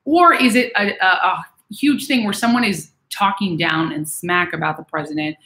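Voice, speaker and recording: A woman vlogger giving casual advice to viewers in a chatty, animated way, acting out what other people say. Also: lowish voice, normal speed. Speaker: vlogger reading and answering viewer messages. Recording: echoey room.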